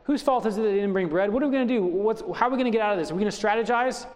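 A man's voice: sits high, very fast, big-room sound. A middle-aged man preaching a sermon as pastor, driving home his points with strings of rhetorical questions.

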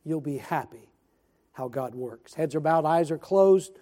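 A man preaching a church sermon, telling a story in a folksy, animated way with repeated words and restarts, then closing with earnest pleas. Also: a little high, measured pace. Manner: earnest, appealing pleas asking amen. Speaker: pastor. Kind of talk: sermon with storytelling and altar call. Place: church sanctuary.

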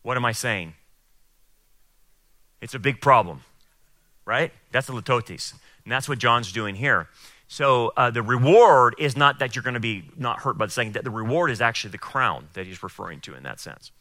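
A man preaching and teaching the Bible, emphatic, acting out quotes in a raised voice and then explaining calmly. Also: medium pitch, moderate pace, dry recording, clean studio sound. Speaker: pastor.

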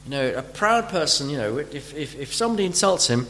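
A man preaching a sermon, often pausing and repeating words as he searches for phrasing, and acting out imagined speakers as he teaches. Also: a little high, big pitch swings, a bit bright, a little hiss or hum. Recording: long hall reverb.

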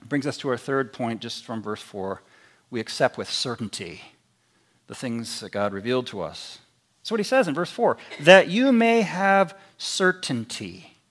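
A man's voice: sits high, fairly bright tone. A man preaching a sermon in an earnest, emphatic way, his intensity rising and falling as he teaches. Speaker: pastor.

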